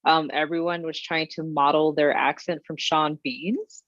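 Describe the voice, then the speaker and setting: A relaxed woman recounts what she remembers in a casual group chat. Her voice is slightly low, and the recording is dull and dry. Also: a little slow, no room sound. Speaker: table read participant.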